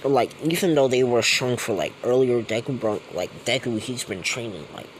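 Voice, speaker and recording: A man's voice: medium pitch, normal speed, slight background noise, low-quality recording. A man casually retelling a fan story, rambling and slangy with many fillers.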